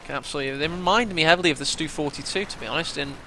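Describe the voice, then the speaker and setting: A man casting a strategy game match, chatty play-by-play that bursts into excitement at big moments. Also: a little high, racing, a little hiss or hum. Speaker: game caster.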